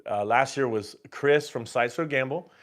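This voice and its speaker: A man hosting a live stream, telling a story casually and animatedly, with many restarts and laughs, acting out his own quoted lines louder and higher. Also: normal speed. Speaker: host.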